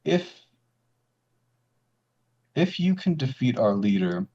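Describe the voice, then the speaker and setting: A man voicing a calm, measured male ninja commander in a tabletop game, speaking with hesitant pauses. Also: medium pitch, pitched above the performer's own voice, heavily acted. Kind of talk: game master voicing a character. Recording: slightly dull lo-fi audio.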